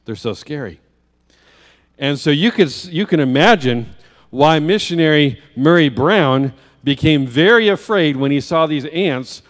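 A man preaching as a guest speaker, telling a children's story in a church sanctuary with vivid detail and rhetorical questions. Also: fairly high pitch. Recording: long church hall reverb.

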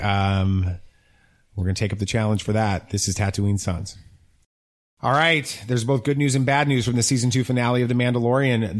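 A middle-aged man hosting a casual podcast, upbeat and teasing as he guides the talk. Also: fairly low pitch. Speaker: podcast host.

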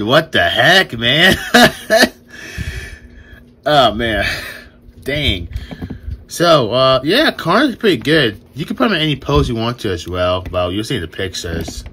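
A young man hosting a casual toy review vlog, excited, stumbling over his words and laughing often, recorded on a new phone camera. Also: mid-range voice, a little hiss or hum. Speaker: toy reviewer and channel host.

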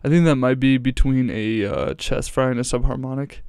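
Creaky man hosting a casual reaction video. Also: mid-range voice, fairly even intonation, moderate pace, a little mellow, no echo, studio quality. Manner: rambling, swears freely, breaks off mid-thought.

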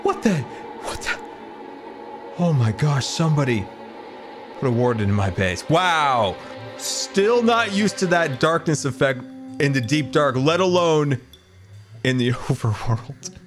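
A man giving solo gameplay commentary, excitable and full of gasps and exclamations. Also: fairly high pitch, a little slow, long pauses, music in the background. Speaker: gaming video creator.

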